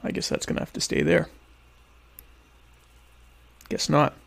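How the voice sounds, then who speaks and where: A vlogger eats dinner while answering viewer questions in a casual comedic chat. He rambles and jokes in an unhurried way, with deadpan irony about being a quiet type.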